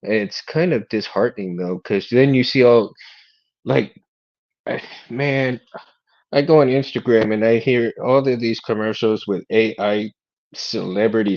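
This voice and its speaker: A man's voice: medium pitch, normal speed, lo-fi sound. A man hosting a casual chat, rambling, repeating his words and laughing often. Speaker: host.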